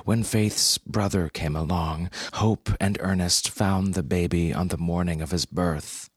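Deep, slow, husky male storyteller. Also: steady tone, no echo, studio quality. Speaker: narrator. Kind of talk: scripted story narration.

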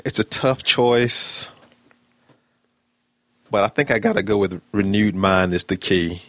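A man's voice: lowish voice, unhurried, fairly bright tone, dry recording. A man sitting in as guest host on a casual podcast chat, making dry, wisecracking remarks.

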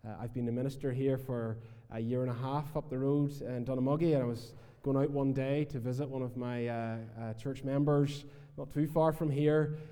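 Dark-voiced Northern Irish minister preaching. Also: male voice, medium pitch, steady tone, moderate pace, few pauses, smooth, in a large hall. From Northern Ireland. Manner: conversational preaching with frequent "uh" fillers. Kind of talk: sermon. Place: church.

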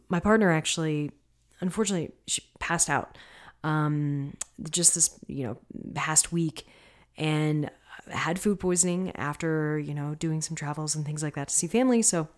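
A woman hosting a solo podcast as a coach, talking casually with lots of fillers and side remarks. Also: low-pitched. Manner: conversational, frequent fillers and asides.

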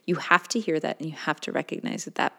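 Measured co-host, low and gravelly, giving advice. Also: female voice, steady tone, sharp tone. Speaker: podcast co-host. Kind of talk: casual chat.

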